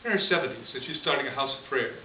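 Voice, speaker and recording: Priest giving a chatty, chuckling homily story, heard from a distance on a dull, hissy recording. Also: male voice, medium pitch, animated, rapid-fire. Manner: conversational, chuckles often. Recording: distant echoey lo-fi room recording with hiss.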